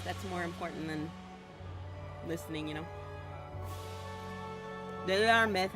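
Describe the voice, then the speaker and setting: Loud music sits behind this woman's lowish voice, which keeps a measured pace with frequent pauses. She streams a game while rambling casually and giggling through shifting topics, eating and mumbling "yum" and "nom" now and then.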